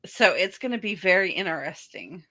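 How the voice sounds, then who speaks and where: A woman's voice: fairly low pitch, very animated, normal speed, pushed and bright. A woman from the southern US, chatting casually in a chatty, matter-of-fact way on a podcast. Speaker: podcast guest. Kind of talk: casual chat.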